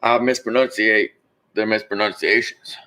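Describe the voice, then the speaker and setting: A man's voice: fairly low pitch, steady tone, moderate pace, pushed and bright, rough recording. A man on a podcast chiming in with short jokes and asides. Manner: short interjections, joking asides. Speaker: podcast co-host. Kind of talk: casual comedic chat.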